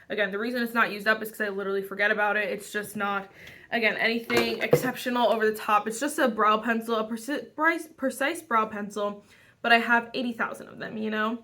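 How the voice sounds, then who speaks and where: A woman's voice: fairly high pitch, sharp tone. A young woman chatting casually through a makeup tutorial, rambling with lots of fillers and restarts. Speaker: beauty vlogger.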